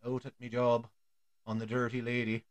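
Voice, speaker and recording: A man's voice: medium pitch, monotone, normal speed, natural voice. A man voicing a boastful male inmate with a put-on Irish accent, blustering and mock-tough.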